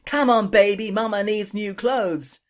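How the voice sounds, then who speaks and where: A woman's voice: medium pitch, fairly even intonation, unhurried, pitched above the performer's own voice, natural voice. A woman voicing a giddy, tipsy Irish blonde woman gambler in a joke, with an Irish brogue. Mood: excited. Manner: squealing, giddy.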